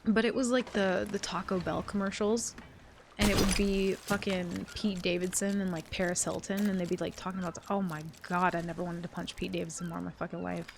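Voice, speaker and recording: A young woman streamer in casual live-stream chat, rambling, swearing freely and getting animated as she talks. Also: lowish voice, a little fast, creaky, noisy background.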